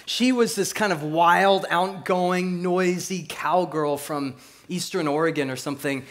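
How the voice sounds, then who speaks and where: A man preaching a sermon, telling stories and swinging between hushed reflection and lively, laughing delivery. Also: sits high, a little slow. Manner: laughs at his own stories. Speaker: pastor.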